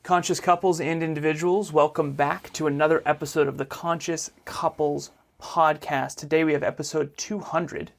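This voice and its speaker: Upbeat male co-host with some vocal fry, casual podcast talk. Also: a little high, steady tone, moderate pace, hardly any pauses, soft background music.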